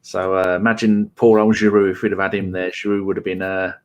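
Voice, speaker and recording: Man, lowish voice, relaxed host reading listener comments, casual football chat. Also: fairly quick. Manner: relaxed, chuckling, hesitant fillers. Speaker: podcast host.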